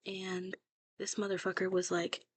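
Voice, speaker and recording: A woman's voice: mid-range voice, monotone, measured pace, slightly rough. A young woman chatting casually about her own fan fiction, blunt and self-mocking, swearing freely and laughing at herself. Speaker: fanfiction writer scrolling her own archive.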